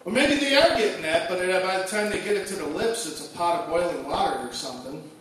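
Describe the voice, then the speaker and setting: A man's voice: high voice, lively intonation, quick pace, a bit bright. A man performing a stand-up comedy set, telling jokey stories and acting out the people in them. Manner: jokey storytelling, acts out quoted voices. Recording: echoey room from far off, noisy.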